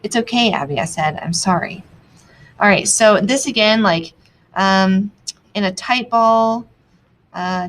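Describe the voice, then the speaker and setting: A young adult woman teaching, annotating a text aloud as she reads, thinking out loud with many pauses. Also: medium pitch, a little hiss or hum, poor audio.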